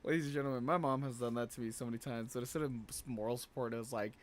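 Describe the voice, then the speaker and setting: A man's voice: medium pitch, steady tone, very fast. A man reacting to clips on a live stream, casually joking with plenty of crude swearing. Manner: crude, joking, laughs often. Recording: noisy stream audio.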